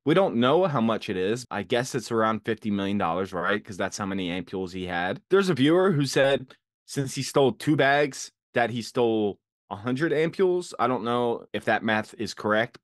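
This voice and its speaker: A man hosting a casual podcast, recapping a TV episode with animated retelling and acted-out quotes. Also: medium pitch, normal speed, no room sound, studio quality. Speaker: podcast host recapping a TV show.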